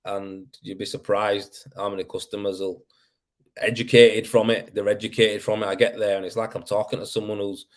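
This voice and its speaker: Chatting on his livestream, a West Yorkshire man from Leeds reads through comments in a rambling, laugh-filled way, dropping "you know what I mean" as he goes. He speaks at a moderate pace with a fairly low pitch and a level tone.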